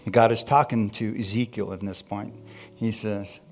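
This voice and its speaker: A man preaching a sermon in a church. He keeps asking the congregation for responses and drops into quiet asides between loud, emphatic points. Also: lowish voice, fairly even intonation, normal speed, faint music behind. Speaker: pastor.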